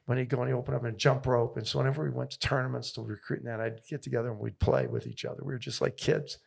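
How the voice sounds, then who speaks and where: A man's voice: medium pitch, flat delivery, very fast, creaky, breathy edge. A man, a tennis coach telling stories in an interview with enthusiastic, repetitive rallying phrases. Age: 70s. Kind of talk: interview guest storytelling.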